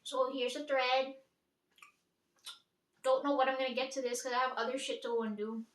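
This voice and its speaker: A young woman with a bright, high voice chats loosely to the camera in a daily vlog, wandering from one thought to the next and swearing casually. She sounds a little far from the mic, in a room with a noticeable echo. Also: level tone, normal speed. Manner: rambling, chatty, swears casually, frequent "like". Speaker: vlogger. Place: room at home. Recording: echoey room, mic at a distance.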